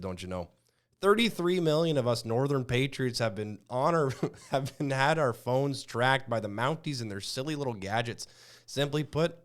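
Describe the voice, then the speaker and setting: A man's voice: mid-range voice, lightly acted. A man voicing an indignant, folksy Canadian man in an exaggerated put-on Canadian accent. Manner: exaggerated, ranting.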